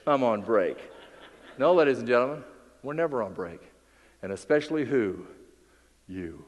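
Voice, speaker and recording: A man giving a motivational keynote on stage, telling stories with acted-out voices and dropping low and quiet for emphasis. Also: big-room sound. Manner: theatrical storytelling, acts out quoted voices, drops low and quiet for emphasis. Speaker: keynote speaker. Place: large hall with audience.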